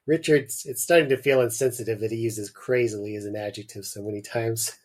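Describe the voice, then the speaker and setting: A man's voice: medium pitch, fairly quick. Man reading a story aloud. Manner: expressive, jokey asides. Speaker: podcast host reading a story. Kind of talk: read-aloud storytelling with asides.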